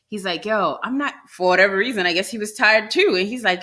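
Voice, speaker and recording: A woman's voice: mid-range voice, a little fast, hardly any pauses. A young woman co-hosting a podcast, telling a story in casual chat and acting out what people said. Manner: animated storyteller who acts out quotes. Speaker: podcast co-host.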